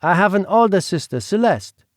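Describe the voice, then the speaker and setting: A man's voice: high-pitched, animated, moderate pace, no room sound, studio quality, pitched above the performer's own voice. A man voicing a clever, prim fifteen-year-old French girl with a French accent, speaking in a poised, precise way. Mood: matter-of-fact. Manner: poised, precise, lightly teasing.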